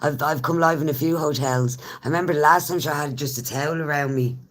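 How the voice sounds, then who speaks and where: A woman's voice: deep voice, steady tone, fast talker. An Irish woman and smoker chatting casually with viewers on a live stream, laughing often as she talks. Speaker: livestreamer.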